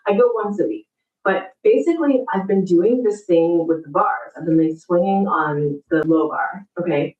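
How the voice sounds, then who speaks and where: A woman's voice: fairly low pitch, normal speed, a little mellow, echoey room, far from the mic, muffled recording. A woman in her thirties chatting casually, upbeat and encouraging, giving a motivational pep talk to her viewers.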